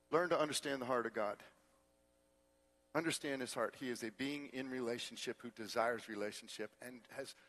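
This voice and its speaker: A middle-aged male pastor delivering a sermon in a high, bright voice. He tells stories with energy, acts out the voices of the people in them, and drops to a hushed tone to drive a point home.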